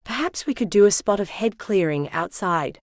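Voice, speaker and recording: A man's voice: high voice, lively intonation, moderate pace, dry recording. A smug, scheming male librarian, falsely polite and oily, as a synthetic female voice reads him. Dry, close sound.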